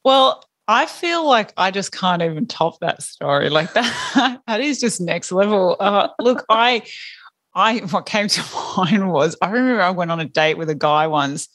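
Woman guest, expressive mid voice, chimes in often, dry close sound. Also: mid-range voice, a little slow, no room sound. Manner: chimes in with short exclamations. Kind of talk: casual chat.

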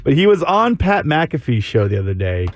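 A man hosting a sports radio show, chatting casually, his voice climbing higher when he gets excited. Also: moderate pace.

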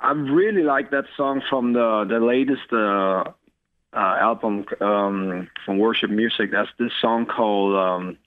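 A man's voice: lowish voice, measured pace, dry recording. Polite man on a tinny phone line. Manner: hesitant, searching for words, polite. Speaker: guest musician calling in. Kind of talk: phone interview. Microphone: telephone.

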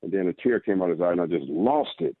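A man's voice: sits low, expressive, fast, dry recording. A man, a guest author, telling his personal testimony in an earnest way and often repeating words. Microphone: phone. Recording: phone-line sound.

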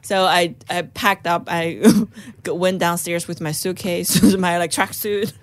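Chinese-accented woman telling a lively story. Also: lowish voice, unhurried, background noise. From China. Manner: animated, acts out quoted voices, non-native grammar. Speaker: comedian guest. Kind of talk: casual podcast storytelling.

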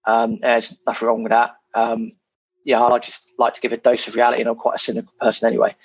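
A man's voice: medium pitch, monotone, quick pace, breathy edge, dry recording, highs cut off. A man from England chatting casually as a property investor guest, frank and self-deprecating, with plenty of fillers. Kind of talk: casual podcast chat.

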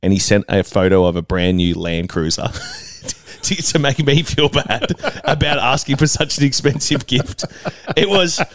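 A man's voice: mid-range voice, big pitch swings, measured pace, a bit bright, a little hiss or hum. A young adult man, co-hosting a podcast in easy, chatty conversation and laughing often. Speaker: podcast co-host. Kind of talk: casual chat.

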